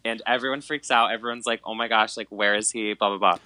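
A young man in casual podcast chat, retelling events with big animated emphasis and constant filler words. His voice sits a bit low but carries a bright, forward tone. The recording is close and dry. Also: fast talker, dry recording, rough recording. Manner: animated storyteller, many fillers like "like" and "um", dramatic retellings.

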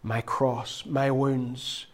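A preacher puts on a gentle, hushed Jesus for a moment in the sermon. The voice sits at an ordinary male pitch and slows down, sinking to a near whisper on the key words. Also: flat delivery. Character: risen Jesus, a calm man greeting frightened friends.

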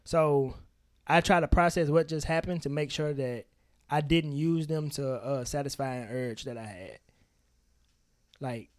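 At a moderate pace and fairly high pitch, a man co-hosting a podcast talks candidly in casual conversation. He tells stories animatedly and emphatically, cursing often.

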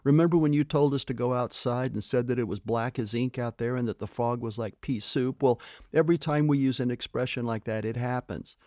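A man voicing a whiny young girl who has been turned into a pig, wailing and high-pitched. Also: a little fast, hardly any pauses, a little mellow, no echo, studio quality, close to an everyday voice. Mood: pleading.

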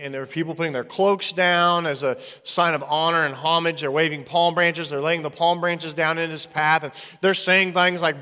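Bright-voiced male pastor preaching. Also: a little high, in a large hall. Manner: earnest and conversational. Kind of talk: sermon.

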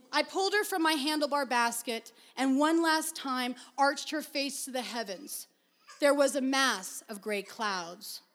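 A woman reading a first-person story aloud in a measured, expressive way. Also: a little high. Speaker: reader.

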